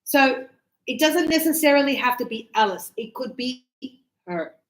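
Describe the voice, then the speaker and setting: A woman's voice: sits high, animated, moderate pace, reverberant, low-quality recording. A woman teaching English grammar, patiently explaining with repeated examples and frequent check-ins. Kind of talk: slow classroom explanation.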